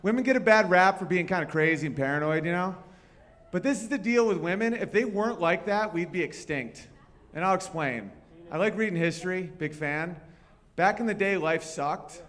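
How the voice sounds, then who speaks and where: A man's voice: sits high, expressive, moderate pace, a bit bright. A man performing a brash, profane stand-up comedy set at a live venue.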